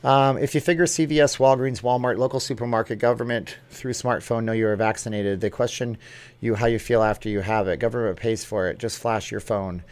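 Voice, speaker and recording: A man's voice: medium pitch, fairly even intonation, a little fast, a little mellow. A man hosting a casual livestream vlog, chatting in an upbeat way and jumping between topics as he reads viewer comments. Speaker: YouTube vlog host.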